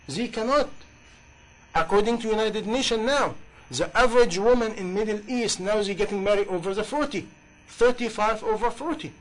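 Impassioned preacher with a high voice. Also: male voice, normal speed, rough recording. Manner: impassioned, rhetorical questions, non-native grammar. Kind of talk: sermon.

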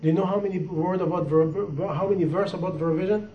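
Man preaching, high voice, impassioned, repeats for emphasis, dull lo-fi recording. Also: fairly even intonation, fairly quick, slight background noise. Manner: impassioned, repetitive, rising and falling emphasis. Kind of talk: sermon. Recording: echoey room, dull lo-fi sound.

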